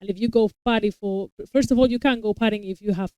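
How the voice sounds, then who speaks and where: A woman's voice: medium pitch, steady tone, quick pace, warm tone, clear, resonant tone, dry recording, highs cut off. A woman, a parent of young children, chatting casually and explaining her views at length, often restarting her sentences. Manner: long talkative explanations with frequent restarts. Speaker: co-host reacting to a TV episode. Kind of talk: casual chat.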